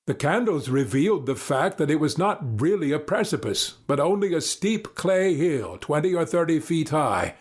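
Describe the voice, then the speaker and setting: Husky male storybook narrator. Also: a little high, normal speed, few pauses. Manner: steady storybook reading. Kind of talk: scripted narration.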